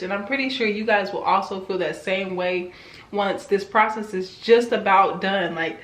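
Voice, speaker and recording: A woman's voice: mid-range voice, normal speed, a bit bright, reverberant. A woman in her twenties talking candidly in a personal vlog, emotional and self-encouraging. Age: 20s. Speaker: vlogger.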